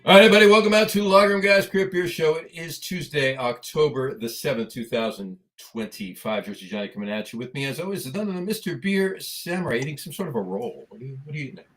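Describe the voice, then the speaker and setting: A man's voice: a little high, lively intonation, fast, hardly any pauses, a bit bright. A man hosting a casual craft beer talk show, upbeat and jokey as he banters with his co-host. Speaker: podcast host. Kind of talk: casual chat.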